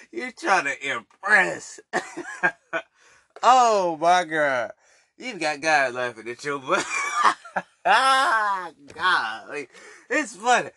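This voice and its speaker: A man's voice: sits high, sing-song, drawn-out words, pauses often, pushed and bright. A man ranting casually to his viewers, mocking people and laughing often, repeating himself. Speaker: vlogger. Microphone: desk mic.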